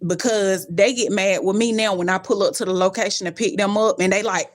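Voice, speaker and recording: A young adult woman live-streams to her viewers, telling stories animatedly, cussing bluntly and jumping around in pitch. She talks briskly with hardly any pauses.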